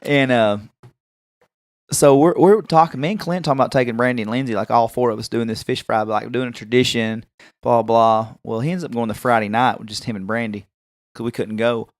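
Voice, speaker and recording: A man's voice: medium pitch, fairly even intonation, a little fast, no room sound, clean studio sound. A man in his thirties co-hosting a podcast, telling rambling anecdotes and acting out what people said. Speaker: podcast co-host. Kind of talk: casual storytelling chat.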